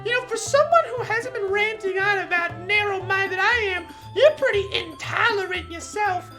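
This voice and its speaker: Woman doing a high, snappy, hot-tempered teen girl for a visual novel read-along, faint music behind. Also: moderate pace, pushed and bright. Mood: indignant. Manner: shrill, indignant and snappy.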